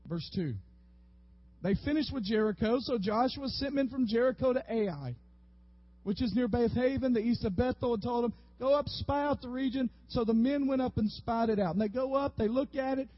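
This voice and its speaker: A pastor with an unusually high, husky voice preaches a sermon, animating the story as he goes. The sound is close and dry, with a slightly dull, lo-fi quality. He speaks as a man leading a congregation through a passage. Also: moderate pace, no room sound. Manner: animated, acts out biblical figures with rising voice.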